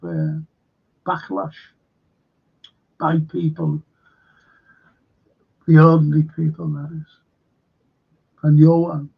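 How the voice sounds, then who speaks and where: A man's voice: fairly high pitch, vocal fry, husky, highs cut off. A man hosting a livestream show, rambling and indignant, swearing as he reads out viewer comments and reacts. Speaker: show host. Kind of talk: casual livestream rant.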